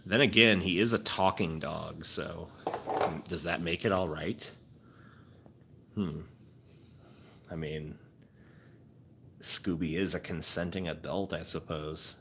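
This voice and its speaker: A man streaming casually, rambling with profane, deadpan musings. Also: sits low, slow, vocal fry, pauses often, slight background noise. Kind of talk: casual chat.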